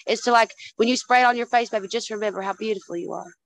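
Animated, swearing woman guest, slightly high. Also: very fast, gravelly, low-quality recording. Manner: animated storyteller, swears freely, keeps calling the listener honey and dude. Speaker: podcast guest. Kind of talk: casual chat.

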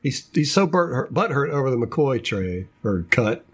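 A man's voice: mid-range voice, big pitch swings, moderate pace, husky. A man hosting a casual sports podcast, ranting with lots of repeated words and restarts. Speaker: podcast host.

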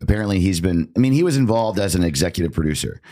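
A man co-hosting a podcast in casual chat, laid-back and jokey, swearing freely and slipping into quick impressions. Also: low voice, expressive, dark tone. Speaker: podcast co-host.

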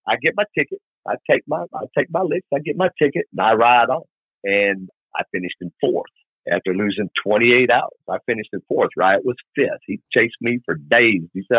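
In a slightly rough voice on the low side, a middle-aged Arkansas man casually rambles through a long motorcycle story on a podcast. He brings it to life with animated quoted dialogue, playing the people involved. The recording is narrow and tinny, with no room sound.

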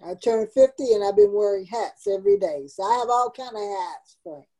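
A woman's voice: medium pitch, moderate pace, dark tone, rough recording. A woman in her seventies, a community founder, telling her life story in an interview with earnest, emotional emphasis. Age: 70s.

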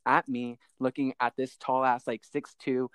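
A young man in casual podcast chat, telling an animated story and swearing freely. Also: mid-range voice, moderate pace, smooth, no room sound.

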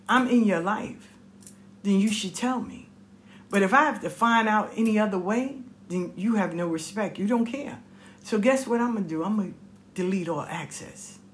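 A woman's voice: mid-range voice, a little hiss or hum. A middle-aged woman telling a personal story in a casual monologue, blunt and profane, acting out the voices of the people she quotes.

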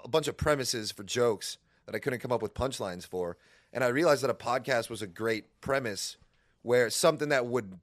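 A man who is a comedian guest on a podcast, talking in a dry, deadpan way. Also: medium pitch, dry recording. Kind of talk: casual comedy podcast chat.

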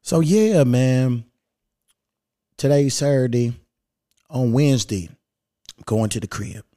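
A man hosting his podcast alone, telling a story in a laid-back, profane, animated way. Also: mid-range voice, slow pace, dry recording, studio quality. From Louisville, Kentucky. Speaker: podcast host. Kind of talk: casual solo storytelling. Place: at home.

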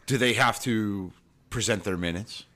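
A man co-hosting a casual podcast chat, animated and quick to laugh. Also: fairly low pitch. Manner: animated, mimics movie lines with laughs. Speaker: podcast co-host.

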